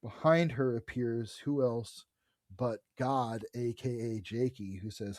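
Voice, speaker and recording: A man co-hosting a casual podcast, retelling a story with excitement and lots of fillers. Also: medium pitch, moderate pace, no room sound, clean studio sound. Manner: enthusiastic retelling, many fillers. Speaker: podcast co-host. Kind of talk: casual chat about comics.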